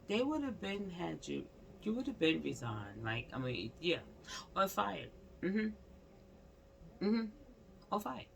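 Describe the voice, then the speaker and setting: Gravelly man ranting in casual commentary. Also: on the high side, sharp tone, slight background noise. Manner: rambling, repetitive, exclamatory, talks straight to the subject. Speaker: commentary vlogger.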